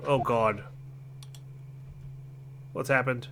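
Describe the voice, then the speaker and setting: Man, casual let's-play commentary, fairly high and animated. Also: unhurried, long pauses. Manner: thinking aloud, chatty. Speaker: gaming channel host. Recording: game music behind voice.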